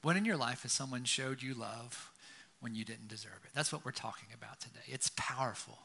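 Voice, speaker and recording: A pastor gives a conversational sermon full of stories, often checking in with listeners by asking "right?" His medium-pitched voice is fairly quick, pushed and bright, slightly rough, with vocal fry.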